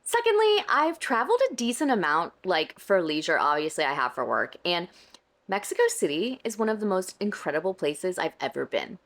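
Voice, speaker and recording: A woman's voice: on the low side, big pitch swings, brisk, a bit bright. A woman hosting a casual commentary vlog about book news, chatty and wry, her throat slightly scratchy. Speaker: booktube commentary host.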